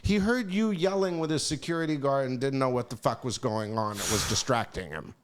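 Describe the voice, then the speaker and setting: A man on a podcast telling casual stories in an animated, profane way, acting out the voices of people he quotes. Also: mid-range voice, fairly quick. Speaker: podcast guest. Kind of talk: casual storytelling.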